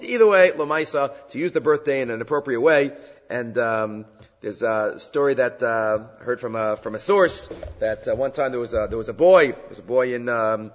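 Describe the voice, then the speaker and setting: A man teaching a Talmud lesson who chants the quoted texts and then explains them in a lively way. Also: mid-range voice, normal speed. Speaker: Torah teacher. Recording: dull lo-fi sound in a long-reverb hall.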